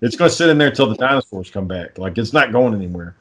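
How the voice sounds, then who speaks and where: A man's voice: on the low side, lively intonation, quick pace, a bit bright. A man co-hosting a podcast, telling rambling, profane stories about home repairs in casual chat. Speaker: podcast co-host.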